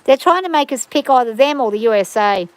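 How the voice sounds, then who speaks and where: A woman chats away on her farm livestream in an easy, rambling way, often restarting her sentences. Her voice sits a little on the high side for a woman. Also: expressive, fairly quick, dry recording, poor audio. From Australia. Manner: chatty, rambling, frequent restarts. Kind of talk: casual rambling chat.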